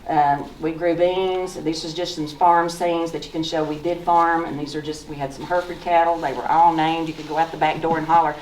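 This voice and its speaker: Southern woman in her sixties, low voice, folksy storyteller, echoey room, heard from a distance. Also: fairly even intonation, moderate pace, few pauses, a crowd in the background. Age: 60s. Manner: folksy, storytelling, pointing at photos. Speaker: author giving a talk. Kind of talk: slideshow talk with personal memories. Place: museum lecture room.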